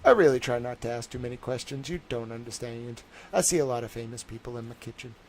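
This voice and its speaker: A young male livestream host with a medium-pitched voice talks fast, meandering through casual chat full of "like" and "I don't know." He laughs wryly between stories, over a little hiss or hum.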